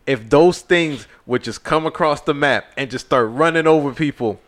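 A man co-hosting a casual gaming podcast, relaxed and chatty, opinionated, with casual slang. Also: on the high side, normal speed. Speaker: podcast co-host.

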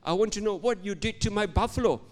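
A man's voice: sits high, fast, darkish tone, voice pushed up, natural voice. An older man voicing a farmer who offers his buffalo for three wishes, in a church hall. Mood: proclaiming. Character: bargaining male farmer with a prized buffalo. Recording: long hall reverb.

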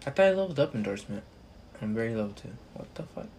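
A man's voice: mid-range voice, big pitch swings, fast talker, darkish tone, slight background noise. A young man talking over his own online match, ranting and swearing at his teammates in frustration. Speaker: gamer. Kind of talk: live gameplay commentary.

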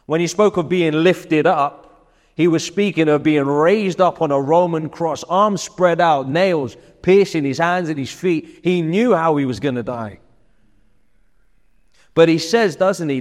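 Guy preaching, kinda high voice, earnest, lots of restarts, long hall echo. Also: a little slow. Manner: earnest, with frequent restarts and shifts between loud and quiet. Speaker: pastor. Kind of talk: sermon.

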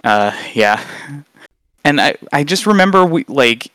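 A young man, a guest on a casual chat recorded remotely, telling funny stories with lively acted-out quotes. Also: unhurried, clean tone, dry recording. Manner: animated storyteller, acts out quotes in high voices. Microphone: long-distance remote recording.

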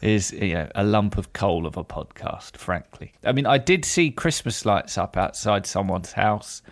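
A man's voice: fairly low pitch, animated, moderate pace, no room sound. A man hosting a podcast in casual chat, with dry, self-deprecating humor. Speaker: podcast host.

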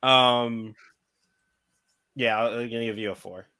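A man's voice: mid-range voice, fairly even intonation, takes it slowly, pushed and bright, smooth. A man on a podcast scoring a segment, casual and a bit hesitant with many ums. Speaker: podcast co-host judging.

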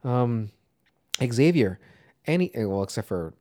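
A man in casual podcast chat about films. He rambles, swears and restarts his sentences, with a medium-pitched voice. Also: animated, measured pace, darkish tone. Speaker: podcast co-host. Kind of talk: casual movie discussion.

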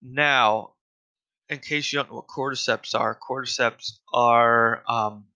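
A man's voice: mid-range voice, steady tone, slow, bright, forceful tone, muffled recording. A man delivering a casual, profane solo rant, exasperated and full of fillers.

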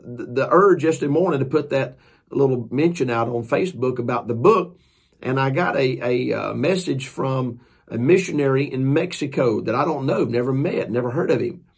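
A man's voice: medium pitch, vocal fry, slightly rough. A man, a preacher and author, telling a story in a folksy, earnest, casual way. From Georgia, US.

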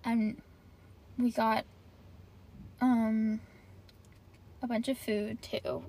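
A woman's voice: fairly high pitch, level tone, slow pace, creaky, pauses often, darkish tone, slight background noise. A young woman rants casually and profanely on her podcast, sprinkling "like" everywhere while sitting in her car. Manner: profane, complaining, heavy use of "like". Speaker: podcast host. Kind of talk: casual solo podcast rant.

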